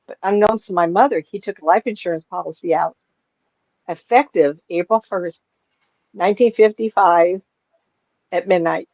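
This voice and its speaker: A woman's voice: lowish voice, moderate pace, long pauses, darkish tone, no echo, highs cut off. A woman in her seventies, a psychic medium, chatting casually over a video call in a rambling, chuckling way. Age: 70s. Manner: rambling storyteller, chuckles often. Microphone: webcam on a video call.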